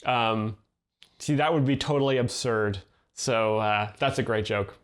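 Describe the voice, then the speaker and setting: A man explaining jokes in a flat, deadpan way, hesitating with ums and uhs. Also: on the low side, a little slow, clean tone. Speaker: joke explainer host.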